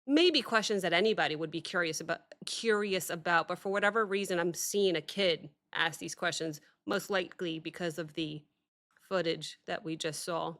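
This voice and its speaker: A woman hosting a music reaction video, talking reflectively in a halting way with many pauses and fillers. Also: lowish voice, fairly bright tone. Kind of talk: casual reaction commentary.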